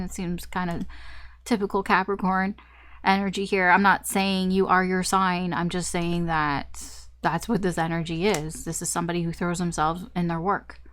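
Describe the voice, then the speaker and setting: A woman's voice: fairly low pitch, flat delivery, moderate pace, a bit bright. Chatty woman giving a tarot reading. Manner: chatty, rambling, laughs at herself. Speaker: tarot reader. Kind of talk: casual tarot reading monologue.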